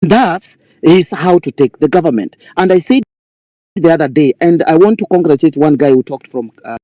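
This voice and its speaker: A man speaking up in a live online discussion, making a forceful rally-like political speech and arguing back when interrupted. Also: on the high side, lively intonation, moderate pace, no room sound. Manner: rally-like, forceful, repeats himself, argues back when cut off. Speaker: caller in a live audio space.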